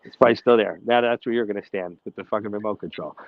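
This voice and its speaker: A man's voice: fairly low pitch, fast, highs cut off. A brash man co-hosting a casual podcast, swearing constantly as he tells stories. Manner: brash, swears constantly, acts out quotes in a raised voice. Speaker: podcast co-host. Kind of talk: casual profane storytelling chat.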